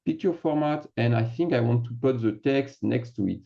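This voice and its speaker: A man's voice: medium pitch, moderate pace, vocal fry, warm tone, dull audio. A man teaching a casual lesson, chatty and self-mocking as he thinks aloud while typing. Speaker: French teacher. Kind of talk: casual screen-share lesson.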